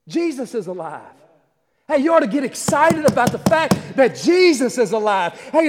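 Man, fervent preacher, high voice, long hall reverb, stammering restarts. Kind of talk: livestreamed Easter sermon. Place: small church.

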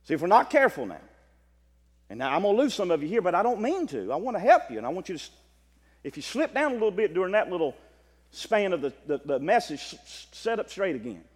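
A Baptist preacher, a man, giving a sermon. He moves from quiet asides to loud exclaiming and often repeats words. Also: high-pitched, very animated, fast, long reverb tail.

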